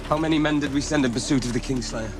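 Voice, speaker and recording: A man's voice: medium pitch, very fast, over music, close to an everyday voice. An actor playing a young man, a determined king at war, who speaks earnestly and gives orders. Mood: commanding. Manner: earnest, commanding.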